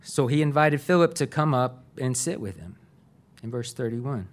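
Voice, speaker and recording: A man's voice: mid-range voice, animated, moderate pace. A middle-aged man, a pastor giving a sermon in an earnest, conversational way. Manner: conversational, earnest, uses fillers.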